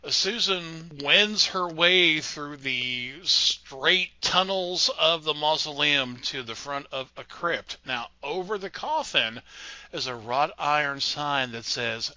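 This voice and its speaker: A man's voice: on the high side, animated, slow pace, bright, forceful tone, no echo, low-quality recording. A man co-hosting a podcast, recapping a horror movie in casual, sarcastic chat and swearing freely. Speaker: podcast co-host.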